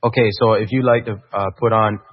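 An actor playing a dim-witted, folksy Canadian comedy host with a Canadian accent, in a dull lo-fi archive clip. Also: male voice, fairly low pitch, fairly even intonation, brisk, breathy edge. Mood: dopey cheerful. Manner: laid-back, folksy, rambling with "uh" and "eh".

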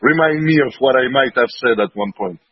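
A man's voice: medium pitch, fairly quick, gravelly, roomy sound. A man in a casual group voice call, earnestly explaining things at length. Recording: dull lo-fi call audio.

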